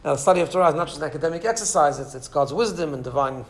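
A man's voice: fairly high pitch, racing, slight background noise. A man teaching a Torah class in an informal way, telling stories with lots of restarts and asides to a small audience. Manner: animated storyteller, many restarts and asides.

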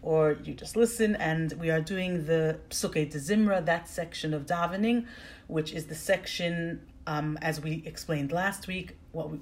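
A woman's voice: deep voice, measured pace, a little mellow. A woman teaching an online class on prayer over a video call. She explains patiently and uses many fillers and restarts.

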